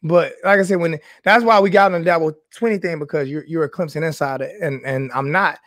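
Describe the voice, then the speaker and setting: A man from South Carolina, co-hosting a casual chat and telling animated stories with plenty of swearing. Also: on the high side, fast, no room sound. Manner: animated storyteller, swears freely. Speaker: podcast host.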